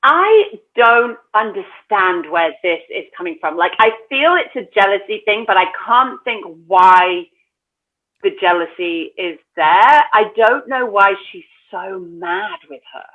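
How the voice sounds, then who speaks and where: A woman's voice: medium pitch, animated, unhurried. A woman co-hosting a casual reality TV podcast, candid and sweary, sharing strong opinions. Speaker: podcast co-host. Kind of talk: casual chat. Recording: tinny phone-like line.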